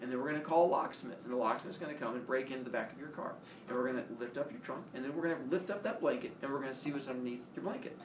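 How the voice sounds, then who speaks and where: A man's voice: medium pitch, very fast, noisy background. A man casually telling a personal story, acting out the voices of the people in it. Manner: animated storytelling, acts out quoted voices. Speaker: storyteller host. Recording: roomy echo, distant from the mic, faint ambience.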